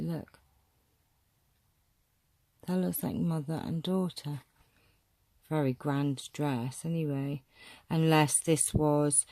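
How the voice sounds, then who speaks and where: A woman chatting casually as she shows a photo collection, musing aloud and often clearing her throat. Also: low-pitched, dark tone, no room sound. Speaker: vlogger showing a photo collection. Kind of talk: casual show-and-tell commentary.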